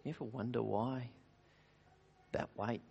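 A man leads a communion sermon in an earnest, searching way. His voice sits in a middle register, and he poses rhetorical questions and stumbles into restarts. His loudness rises and sinks, at times almost to a hush. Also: medium pitch, steady tone, unhurried, vocal fry, slightly rough, dull audio. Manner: earnest, varies loudness widely, drops to near-whisper at times. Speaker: pastor.

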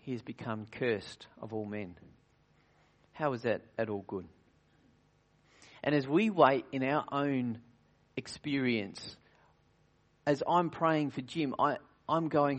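A man serving as pastor, preaching earnestly at communion, asking rhetorical questions and sinking to quiet, intimate tones. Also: medium pitch, takes it slowly, highs cut off. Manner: earnest, varies loudness widely, drops to near-whisper at times; frequent restarts and rhetorical questions. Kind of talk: communion sermon.

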